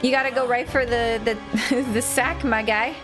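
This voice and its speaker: A high-voiced woman streaming a video game, chatting and joking as she plays. She yelps and shouts at fights, with game music running loud behind her. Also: fairly even intonation, normal speed. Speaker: gaming streamer. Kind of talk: casual gameplay commentary.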